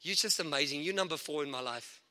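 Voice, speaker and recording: Guest preacher, male, high bright voice, swoops around a lot, long church-hall reverb. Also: fast. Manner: animated, excitable preaching with asides and laughs. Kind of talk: sermon.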